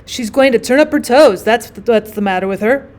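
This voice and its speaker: A woman's voice: a little high, fairly quick, a little mellow, lightly acted. A woman voicing a stingy, hesitant peasant man in a storybook reading, stammering and wheedling.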